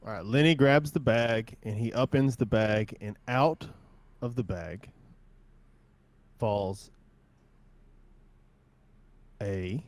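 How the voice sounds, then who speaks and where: A man's voice: fairly low pitch, slow. A man narrating a tabletop game as game master, laid-back and full of hedging fillers.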